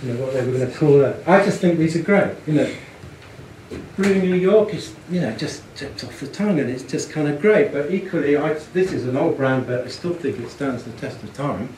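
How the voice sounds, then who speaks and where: A man's voice: fairly high pitch, a little fast, roomy sound, background noise. A man giving a presentation on branding, chatty and amused, often repeating words as he thinks. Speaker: speaker on branding and packaging. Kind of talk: presentation to an audience.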